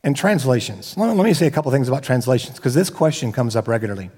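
A man's voice: mid-range voice, lively intonation, quick pace, darkish tone, slightly rough. A man preaching a sermon as pastor, talking casually with joking asides and frequent restarts. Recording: long hall reverb.

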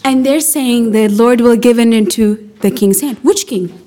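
A bright-toned woman with a fairly high voice teaches a small group in a room. She talks fast and playfully, slipping into character for the quotes and firing questions back at the class. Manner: animated, acts out quotes with rising pitch. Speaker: Bible study teacher. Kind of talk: lively group Bible lesson.

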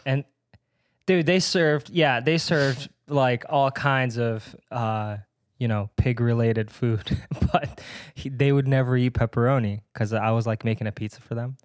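A young man on a casual podcast, telling a personal story in an animated way and laughing now and then. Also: mid-range voice, a little slow, dry recording, clean studio sound. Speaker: podcast co-host. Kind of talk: casual chat.

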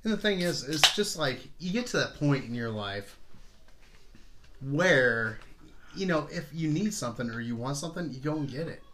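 Male podcast host, forties, loose and rambling, slightly hoarse, casual swearing. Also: a little high, expressive, moderate pace, sharp tone. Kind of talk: casual chat.

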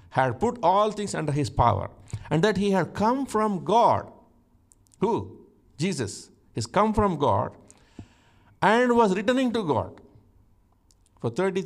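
A man preaching a sermon, teaching slowly and emphatically from scripture and rising to exclamations. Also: fairly high pitch.

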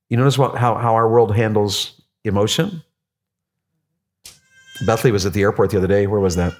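A man preaching a sermon as pastor, animated and jokey, with many restarts. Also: on the low side, a little fast, pauses often.

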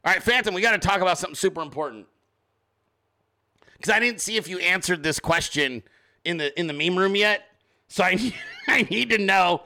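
Male host: bright, tense-edged voice, casual joking rambler who swears freely. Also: high-pitched, expressive, a little fast, pauses often. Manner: reads sponsor ads informally. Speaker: show host. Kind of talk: casual live-stream commentary.

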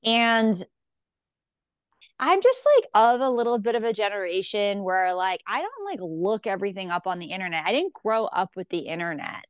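A woman's voice: medium pitch, lively intonation, normal speed, smooth, dry recording, studio quality. A woman comedian telling stories in casual chat, acting out quoted voices, saying "like" a lot and swearing freely. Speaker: stand-up comedian guest.

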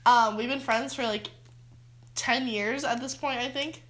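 A woman's voice: fairly high pitch, steady tone, unhurried, fairly bright tone. A teenage girl co-hosting a casual podcast, telling childhood stories and laughing often mid-sentence. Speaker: podcast co-host. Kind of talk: casual chat, storytelling.

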